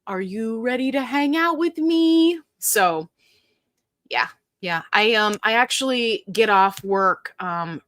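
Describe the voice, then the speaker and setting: In a dry recording, a livestream host speaks with a lowish, sharp-toned voice. She keeps things casual, bubbly, and upbeat, chatting and calling out viewers by name.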